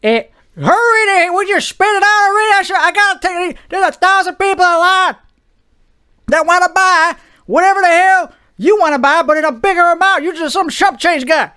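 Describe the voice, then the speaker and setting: A man's voice: extremely high pitch, bright, forceful tone, pitched above the performer's own voice. Man doing a pushy New York stockbroker. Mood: scornful. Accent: put-on New York. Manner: rapid, pushy, barking. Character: fast-talking impatient male Wall Street stockbroker.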